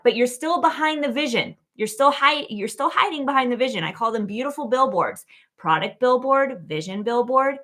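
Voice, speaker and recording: A woman hosting her own show, giving a casual, animated motivational talk full of "like" and "okay?". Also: high-pitched, normal speed. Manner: animated, chatty, lots of "like" and "okay?". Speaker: keynote speaker and show host.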